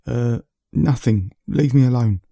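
A man's voice: mid-range voice, unhurried, creaky, warm tone, no echo, studio quality, voice pushed up. A man voicing a weary, nervous man who hauls heavy bags, sounding flustered and defensive. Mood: agitated.

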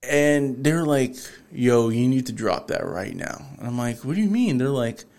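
Animated, profane male podcast host. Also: medium pitch, unhurried, slight background noise. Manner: animated, profane, acts out quoted lines. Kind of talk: casual storytelling chat.

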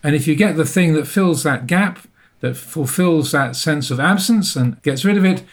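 Thoughtful man with a higher voice. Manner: thoughtful, self-deprecating, pauses to rephrase. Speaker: interview guest. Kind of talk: reflective storytelling.

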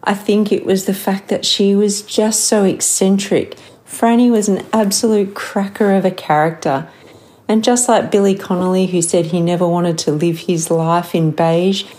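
A woman's voice: fairly low pitch, a little mellow. Gushing woman reviewing books. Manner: earnest and gushing. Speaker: book reviewer. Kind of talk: book review monologue.

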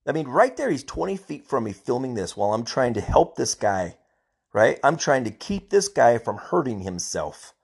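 A man's voice: mid-range voice, big pitch swings, moderate pace, gravelly, slightly rough. A middle-aged man, a police officer, ranting angrily on his own podcast, emphatic and repeating himself. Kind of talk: personal podcast rant.

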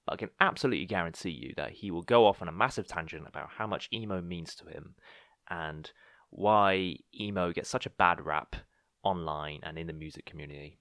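A man's voice: deep voice, a little fast, a bit bright, dry recording, clean studio sound. A man hosting a podcast, talking casually in a rambling, self-mocking, jokey way. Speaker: podcast host.

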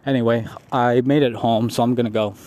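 A man's voice: medium pitch, fairly even intonation, fairly quick, dark tone. A young man telling a long, rambling, profane story in a casual vlog, laughing often as he talks. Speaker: vlogger.

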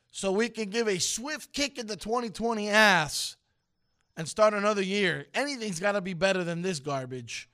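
A man with a notably high voice hosts a morning radio show in a relaxed, chatty way. His humour is wry and deadpan. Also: moderate pace. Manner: wry, dry, deadpan jokes. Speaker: radio host. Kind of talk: casual morning radio banter.

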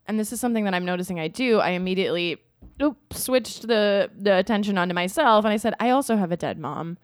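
A woman's voice: fairly low pitch, dry recording. Young woman podcast host rambling through a story, lots of likes and ums, dry close sound. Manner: storytelling with many fillers and quoted asides. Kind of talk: casual chat.

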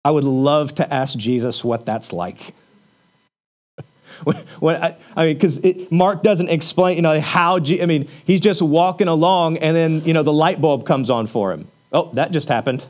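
A man's voice: fairly high pitch, normal speed, darkish tone. A man preaching a sermon in a conversational way, asking rhetorical questions and using casual fillers. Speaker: pastor.

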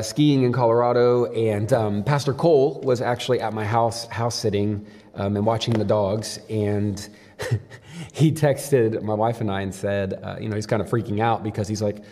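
A man's voice: mid-range voice, a little mellow. A young man giving a devotional sermon as a pastor, talking casually and telling stories with many fillers. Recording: long hall reverb.

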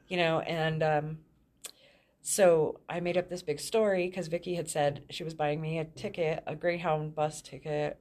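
A woman's voice: low voice, fairly even intonation, normal speed, darkish tone. A woman frankly telling her own life story as a guest, often laughing in the middle of her sentences. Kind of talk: candid personal storytelling.

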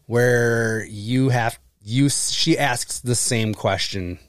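A man in his thirties chats casually on a podcast, swearing easily and acting out the people in his anecdotes. His voice sits at an ordinary middle pitch. The recording is dry and close, with no room sound. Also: slow pace, dry recording. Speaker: podcast co-host. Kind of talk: casual chat.

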